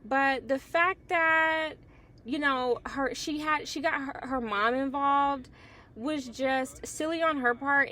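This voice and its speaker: A woman's voice: fairly high pitch, fairly bright tone. A woman hosting a casual TV episode review, blunt and opinionated, swearing freely. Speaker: TV review host.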